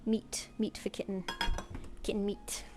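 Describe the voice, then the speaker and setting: A British woman chats loosely on a home live stream, with a mellow, soft-edged tone. She coos at her cat and gives it little commands between asides to her viewers. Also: medium pitch, little pitch movement, unhurried, a little hiss or hum. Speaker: artist streamer. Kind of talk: casual live-stream chat. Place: home room.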